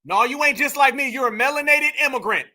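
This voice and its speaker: A man's voice: very high-pitched, fast talker, bright, forceful tone. A man hosting heated reaction commentary, mocking and emphatic, talking straight to his viewers. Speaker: commentary host.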